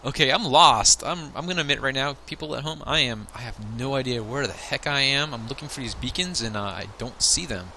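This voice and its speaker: A man hosting a Minecraft let's-play with excited commentary, often yelping and squealing when startled. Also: mid-range voice, brisk, hardly any pauses, slight background noise. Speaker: gaming channel host.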